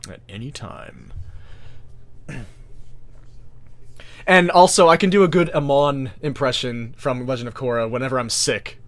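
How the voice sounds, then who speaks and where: A man's voice: medium pitch, steady tone, normal speed, long pauses. A man from Brazil, a native Portuguese speaker with an American-sounding accent, chatting casually on a stream, reading chat aloud and often restarting his sentences. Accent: American-sounding English. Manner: rambling, self-correcting, with frequent restarts.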